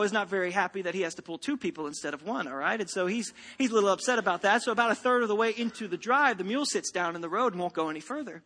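A man's voice: high-pitched, bright, forceful tone, big-room sound. A man preaching a sermon, telling a joke and a story with playful acted-out voices. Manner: joking storyteller, acts out voices. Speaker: pastor.

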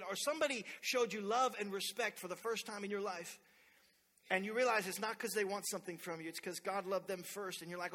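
A man in his thirties preaching a sermon in church, telling stories in an animated way and acting out quotes loudly. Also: sits high, fast talker. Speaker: pastor. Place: church sanctuary. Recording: long hall reverb.

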